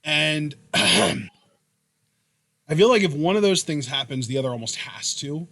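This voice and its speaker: A man's voice: a little high, animated, slow pace, bright, forceful tone, no room sound. Chatty young man hosting a podcast. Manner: chatty, asks long rambling questions. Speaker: podcast host. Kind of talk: casual chat.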